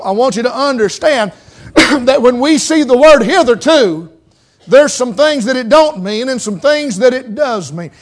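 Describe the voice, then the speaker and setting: A man preaching a sermon in a folksy, conversational way, with a Southern mountain accent, acting out little quotes as he teaches. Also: very high-pitched.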